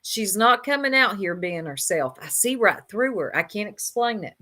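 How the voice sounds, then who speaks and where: A woman's voice: medium pitch, expressive, normal speed, pushed and bright. A woman giving casual reaction commentary, blunt and sarcastic, laughing often and talking straight to her chat.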